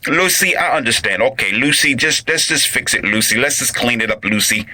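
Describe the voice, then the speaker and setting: A man's voice: mid-range voice, lively intonation, fairly quick, sharp tone, dry recording. A man playing a patient, exasperated sitcom husband who pleads soothingly and gives in. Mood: placating. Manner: pleading, soothing, repeats her name.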